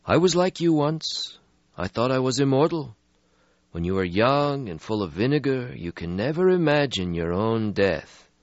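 A man voicing a weary, melancholy ancient male vampire in an audiobook, speaking slowly and mournfully. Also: medium pitch, sing-song, dry recording, voice pushed up, close to an everyday voice. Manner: slow, mournful, world-weary. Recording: slightly muffled lo-fi audio.

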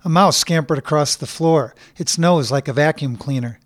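A man reads a short story aloud at a measured, even pace. His voice sits a little high. The recording is dry and close, with no room echo. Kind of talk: scripted narration.

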